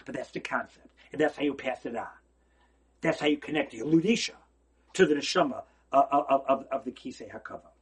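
A rabbi delivers a holiday Torah lecture a little quickly, his voice mid-range, with a bit of hiss or hum in the recording. Preacherly and emphatic, he poses rhetorical questions and alternates loud exclamations with quieter asides.

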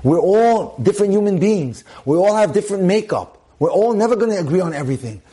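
Man, rabbi lecturing, slightly high voice, emphatic, repeats lines for stress, Hebrew terms mixed in. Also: animated, quick pace, warm tone. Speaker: rabbi giving a Torah class. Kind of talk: relationship lecture.

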